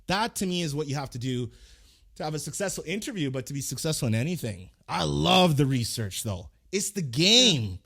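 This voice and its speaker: Emphatic, energetic male podcast host. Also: fairly high pitch, brisk, vocal fry. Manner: energetic, emphatic, repeats himself. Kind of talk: podcast interview.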